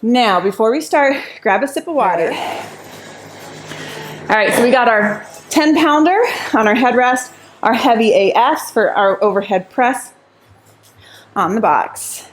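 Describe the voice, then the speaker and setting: A woman's voice: fairly high pitch, expressive, measured pace, pauses often, slight background noise. A woman Pilates instructor leading a workout class while exercising along, out of breath at times, counting reps and cheering.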